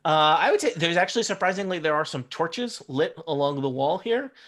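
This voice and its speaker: A man acting as game master narrates a tabletop game casually, describing scenes in a loose, rambling manner full of fillers. His voice is a little high and a bit bright, with lively intonation and a brisk pace.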